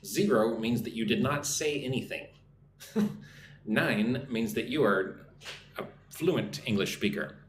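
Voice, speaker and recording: A man with an American accent teaches a live English lesson, speaking slowly in a medium-pitched voice. He often checks in with "right?" and reads viewer comments aloud, recorded in an echoey room with faint background noise.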